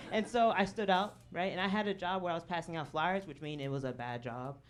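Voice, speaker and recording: This woman's voice is lowish and a little fast as she chats with the crowd in a stand-up set at a comedy club. She sprinkles in "okay?" and "right?" and frequently cracks up at her own material. Her handheld stage mic picks up the club audience laughing behind her.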